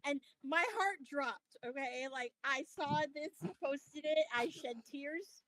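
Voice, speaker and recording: A woman co-hosting a wrestling podcast, talking casually in an animated, profane rant. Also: high-pitched, slow, no echo, low-quality recording. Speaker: podcast co-host. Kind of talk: casual chat.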